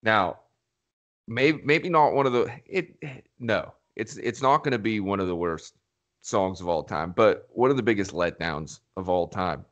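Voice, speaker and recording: Low-voiced, wry podcast co-host. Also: male voice, measured pace, a bit bright, highs cut off. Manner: dry, wry, profane. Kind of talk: casual chat.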